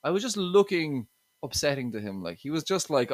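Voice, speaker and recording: A man's voice: fairly high pitch, big pitch swings, fairly quick, no echo. An Irish man from Limerick, a stand-up comedian as a podcast guest, talking casually with lots of restarts and 'you know what I mean'. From Limerick, Ireland.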